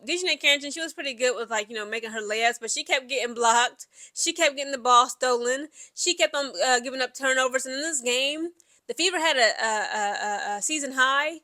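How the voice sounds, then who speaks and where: A high, bright woman's voice with a lilt, rambling through a game recap. She keeps piling on asides and fillers as she talks. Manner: chatty, animated, lots of fillers and asides. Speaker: sports commentary vlogger. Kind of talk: casual sports recap chat.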